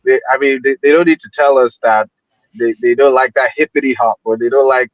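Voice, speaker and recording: A man's voice: mid-range voice, fairly even intonation, no room sound. A man calling into a livestream, talking casually with many restarts and getting heated as he makes his point. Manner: halting, repeats words, gets heated. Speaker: stream guest. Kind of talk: casual call-in commentary. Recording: dull, dry lo-fi call audio.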